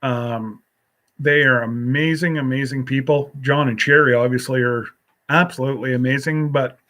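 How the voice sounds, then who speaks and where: A man's voice: mid-range voice, steady tone, moderate pace, sharp tone. A man hosting a casual solo live stream, rambling as he reads and answers viewer comments with a folksy, teasing manner.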